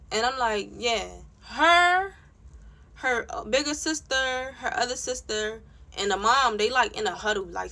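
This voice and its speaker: This young woman vlogger has a slightly high, bright voice with a forceful tone. She tells her story as a casual rant, blunt and full of profanity, and keeps dropping "like" into a heated retelling.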